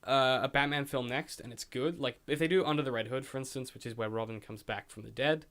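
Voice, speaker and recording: A man's voice: medium pitch, brisk, a bit bright. A young man co-hosting a casual film review podcast, ranting animatedly and swearing freely. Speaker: podcast co-host.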